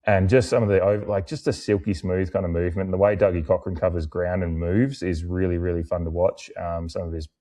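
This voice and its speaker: A man's voice: fast talker, few pauses. A young adult man, co-hosting a casual podcast, rambling with many fillers and restarts. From Australia. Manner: mimics other people in animated, higher-pitched bursts while retelling. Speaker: podcast co-host.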